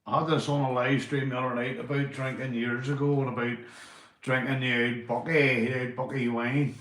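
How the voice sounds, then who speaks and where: A Northern Irish man live-streaming from home, chatting casually, swearing and giving shout-outs to his viewers. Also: medium pitch, level tone, normal speed, reverberant. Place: indoors at home.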